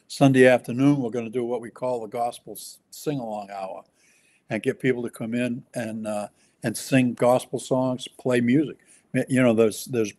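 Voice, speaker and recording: A man speaking as a pastor in a relaxed ministry conversation, pausing and restarting often as he describes his work. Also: mid-range voice. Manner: halting, with many restarts and fillers.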